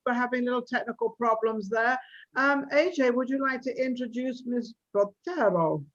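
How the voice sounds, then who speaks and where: A woman hosting an interview talk show, effusive and complimentary, asking halting questions. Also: a little high, muffled recording.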